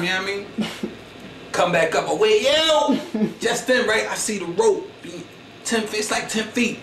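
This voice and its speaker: Crowd noise surrounds a high-pitched, fast-talking comedian from Philadelphia as he tells a comic story. He rambles and boasts in slang, saying "you know what I'm saying" over and over. An echoey, distant mic captures it along with faint noise.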